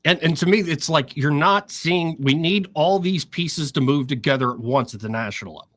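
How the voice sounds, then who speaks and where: A man's voice: fairly high pitch, moderate pace, dry recording. A man hosting talk radio, explaining politics and mimicking what others say. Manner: explanatory, quotes others in an animated voice. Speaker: radio talk show host.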